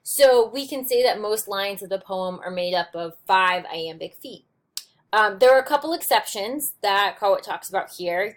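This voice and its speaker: A woman's voice: mid-range voice, lively intonation, moderate pace. A woman teaching a recorded lesson on poetic meter, explaining step by step with frequent ums and restarts. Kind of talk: recorded lecture on poetry notes.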